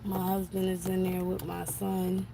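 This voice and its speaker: A woman's voice: lowish voice, monotone, measured pace, gravelly, noisy background. A woman talking on a casual live stream from an eye doctor's office, telling a frustrated story about her son's school. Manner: chatty, exasperated storytelling. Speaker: vlogger.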